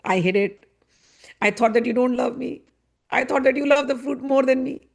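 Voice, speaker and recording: A woman's voice: high voice, moderate pace, gravelly. A woman voicing a loving teenage girl goddess who speaks hesitantly and apologetically. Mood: apologetic.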